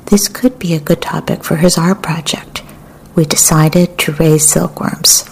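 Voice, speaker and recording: A woman reading poetry and memoir aloud in a soft, often half-whispered, measured way. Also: sits low, steady tone, gravelly, breathy edge. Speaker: literary reader.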